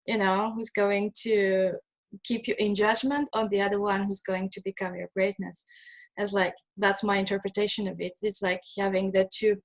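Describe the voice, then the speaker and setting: A woman hosting a conversational video call, animated and self-deprecating, often quoting others. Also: medium pitch. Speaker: host.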